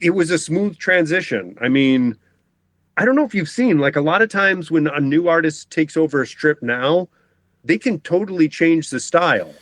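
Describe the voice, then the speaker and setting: A man's voice: on the high side, lively intonation, moderate pace, fairly bright tone, no echo. A middle-aged man talking as a cartoonist guest in a casual interview, rambling, often breaking off mid-sentence and laughing. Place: home basement.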